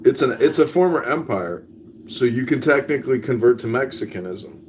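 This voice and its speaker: A man's voice: medium pitch, animated, normal speed, a little mellow, slight background noise. A man hosting a podcast, bantering crudely and reading an old story aloud. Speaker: podcast host.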